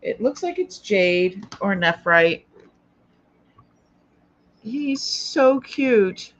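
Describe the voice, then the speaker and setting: A woman's voice: medium pitch, lively intonation, drawn-out words. Chatty Boston woman on a lo-fi live stream. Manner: chatty, thinking aloud while handling items. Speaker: live-stream jewelry sale host. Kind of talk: casual live-stream chat.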